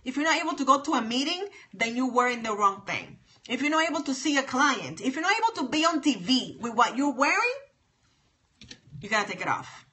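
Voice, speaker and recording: Sassy lady on a phone livestream, bright voice kinda high, keeps repeating herself for emphasis. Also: big pitch swings, fairly quick. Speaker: livestream host. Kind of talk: casual livestream chat with viewers.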